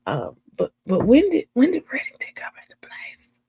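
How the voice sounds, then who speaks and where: A woman's voice: high voice, huge pitch swings, moderate pace, mellow, husky, no echo. A woman hosting live trial commentary in a casual, emphatic way, repeating her points and talking back at what she watches. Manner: emphatic, repetitive, talks back to the screen.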